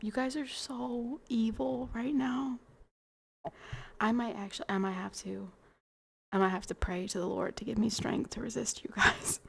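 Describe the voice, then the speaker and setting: A tipsy young woman hosting a livestream, chatting in a rambling, playful way that trails into soft mumbles. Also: mid-range voice, creaky, breathy edge. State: tipsy from wine. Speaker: livestream host. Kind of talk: casual chat to stream viewers.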